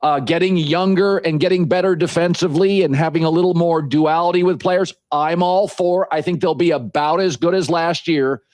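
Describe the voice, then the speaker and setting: A man with a fairly high voice breaks down players' strengths in a measured, analytical way, now and then pausing on a filler word. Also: fairly even intonation, darkish tone. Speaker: guest commentator. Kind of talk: sports analysis.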